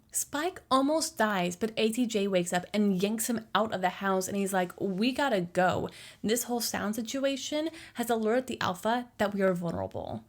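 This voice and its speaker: A young woman talks through a film's plot in a casual, jokey way. Her delivery is slangy and playful, with plenty of asides, at a mid-range pitch. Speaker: movie recap creator. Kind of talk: casual movie explainer.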